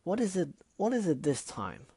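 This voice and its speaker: A man's voice: on the high side, huge pitch swings, normal speed, creaky, dark tone, husky, voice pushed up, heavily acted. A man voicing a haughty, posh female unicorn who talks in a prim, condescending way.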